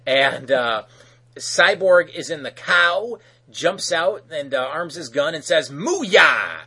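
A man's voice: a little high, animated, slow, pushed and bright, slightly rough. A man casually recapping a cartoon episode as podcast host, rambling with many fillers.

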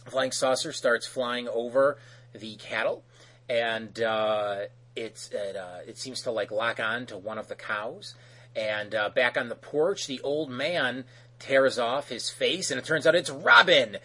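Husky, rambling male podcast host. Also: medium pitch, measured pace, sharp tone. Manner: rambling, full of fillers. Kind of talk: casual episode recap.

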